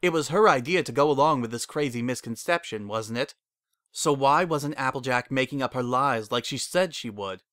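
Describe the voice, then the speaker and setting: A man narrates a fan fiction story with expressive, dramatic storytelling. His pitch sits mid-range for a man, and the recording is dry and close. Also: no echo.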